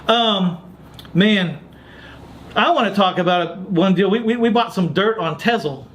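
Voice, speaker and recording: A man's voice: sits high, moderate pace. A man hosting a podcast, telling a story in a casual chat and acting out the lines of other people. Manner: animated storyteller, quotes others' dialogue. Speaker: podcast host.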